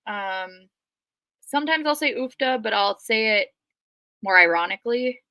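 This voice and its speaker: A woman with a Minnesota accent chats through her story in a loose, rambling way, dotted with ums. Her voice is bright and forward. The recording is dry and close to the mic. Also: mid-range voice, expressive, a little slow, dry recording. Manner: chatty, rambling, frequent ums. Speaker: guest. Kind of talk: casual livestream storytelling.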